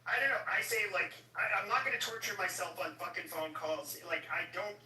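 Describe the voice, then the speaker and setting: Man, high voice, blunt crude casual talk, echoey distant sound. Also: brisk, sharp tone. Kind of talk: casual chat. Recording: echoey, distant, faint noise.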